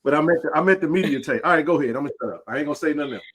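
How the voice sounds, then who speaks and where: A man from Jackson hosts a live video chat, talking emphatically and rambling through restarts. His voice sits a little high for a man and comes through a home computer mic. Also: rapid-fire, fairly bright tone, slightly rough. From Jackson, Mississippi. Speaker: host.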